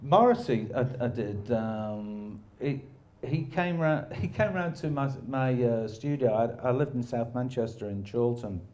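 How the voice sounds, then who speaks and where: A man tells stories in loose, rambling chat, mocking himself and laughing as he goes. His voice sits at an ordinary middle pitch with a dark, mellow tone. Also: animated, a little slow, hardly any pauses. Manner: rambling, self-deprecating, laughs often. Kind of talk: casual anecdotal chat.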